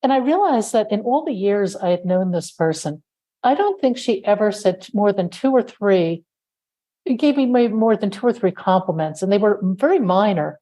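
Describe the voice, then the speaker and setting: A woman's voice: mid-range voice, animated, normal speed, warm tone. A woman hosting a podcast, talking in an earnest, reflective way during a casual interview. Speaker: podcast host.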